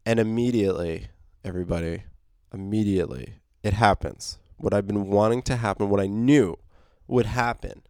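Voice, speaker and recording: A man's voice: on the low side, steady tone, normal speed, clear, resonant tone, no echo, clean studio sound. A man casually recapping a comic book, rambling with fillers and restarts. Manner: rambling, many fillers, laughs, swears.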